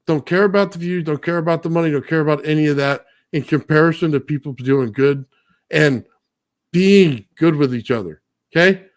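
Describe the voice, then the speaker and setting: A man's voice: fairly high pitch, moderate pace. A man on a casual talk show, ranting bluntly and profanely and ending nearly every point with "okay?". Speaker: guest, builder. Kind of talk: heated rant in casual talk.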